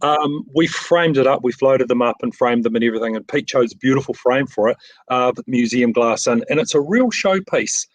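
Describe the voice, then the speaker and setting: A man's voice: medium pitch, fairly quick, dry recording, poor audio. A middle-aged man with a New Zealand accent, a frame shop owner talking casually in an interview over a video call, modest and rambling with many fillers and restarts.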